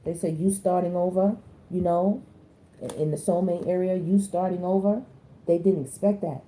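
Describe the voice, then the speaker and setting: A woman, doing a casual tarot reading in a blunt, slangy and animated way. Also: moderate pace, slight background noise. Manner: animated, slangy, blunt, with sudden high-pitched exclamations. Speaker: tarot reader.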